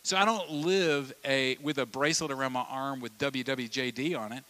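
A male pastor delivers a sermon in a bright, forceful voice. He talks to the congregation conversationally and animatedly, slipping into the voices of the people in his anecdotes. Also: medium pitch, a little fast, hardly any pauses. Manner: lively, conversational, acts out quoted voices.

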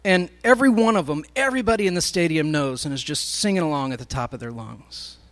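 A man's voice: fairly high pitch, fast, fairly bright tone. A man speaking to a live congregation, telling a story in a sermon as he addresses the crowd directly.

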